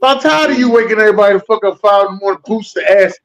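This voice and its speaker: A man with a very high voice, arguing loudly and indignantly in heated sports banter, full of profanity. He sounds worked up and quick to push back. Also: highs cut off.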